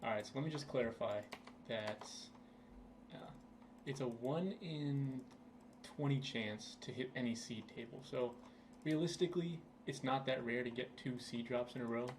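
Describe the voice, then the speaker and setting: He's a young gaming channel host talking over his gameplay at his computer in a casual, meandering way, with lots of fillers. His voice sits at medium pitch with a darkish tone and a normal pace, and there's slight background noise.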